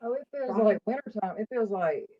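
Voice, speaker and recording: A woman's voice: mid-range voice, lively intonation, normal speed, dull audio. A young woman chatting on a livestream with her mother in a bubbly, talkative way. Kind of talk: casual livestream chat.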